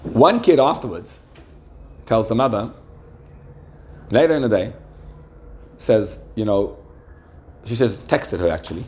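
A man's voice: fairly low pitch, lively intonation, measured pace, pauses often, a little mellow, a little hiss or hum. A man giving a religious lecture to a live group, often asking them questions and checking that they follow. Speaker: religious teacher.

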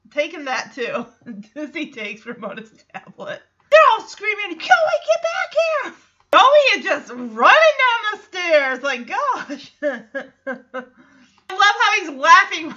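Lively, high-voiced woman podcast host. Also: muffled recording. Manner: animated storytelling, acts out quotes, laughs often. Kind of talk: casual episode recap.

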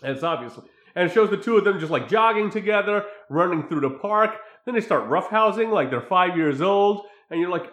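A man casually recapping a film's plot, animated, often acting out quoted lines. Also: high voice, brisk, reverberant. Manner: animated retelling with acted quotes. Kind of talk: casual film recap chat.

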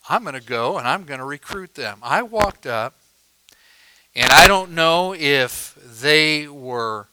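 A male pastor telling a story in a sermon, animated and acting out the voices of people he quotes, on a worn microphone in a church. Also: on the high side, smooth, no room sound, poor audio.

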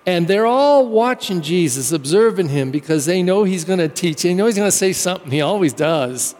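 A male pastor preaches a homily in a chatty, animated way. He often stops to ask questions and tell stories. His voice sits high for a man and rings with a long church reverb. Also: normal speed. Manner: animated, conversational, storytelling. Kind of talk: sermon.

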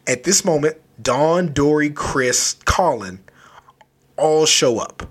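Husky-voiced man recapping a story. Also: a little high, a little slow. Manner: loose, animated retelling with lots of "like" and "yo". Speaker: book reviewer.

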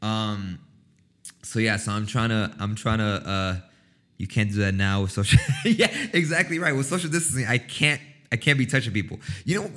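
A young man chatting casually to his viewers, rambling and swearing, often breaking into a loud high-pitched cackle. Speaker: livestream host. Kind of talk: casual chat.

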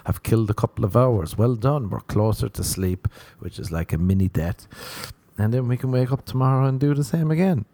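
A man's voice: medium pitch, lively intonation, brisk, dark tone. A young man doing a crude, sardonic, rambling comedy rant.

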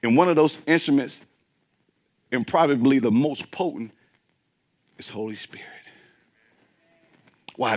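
A man preaching a sermon as pastor, swinging between emphatic peaks and quiet asides and asking the congregation questions. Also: medium pitch, lively intonation, a little slow, pauses often.

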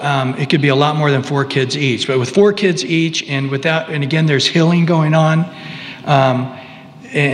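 A male preacher giving a conversational sermon, pausing, restarting and tossing asides to the congregation. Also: mid-range voice, a bit bright, long reverb tail.

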